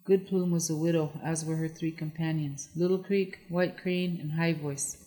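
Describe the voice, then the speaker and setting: An audiobook narrator reading a historical novel in a steady, measured way. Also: mid-range voice. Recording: long echoey reverb.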